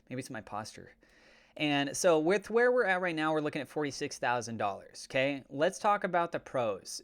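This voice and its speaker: Smooth-voiced chatty crypto host man. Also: mid-range voice, a bit bright. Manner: chatty, keeps asking "right?". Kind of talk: casual market commentary.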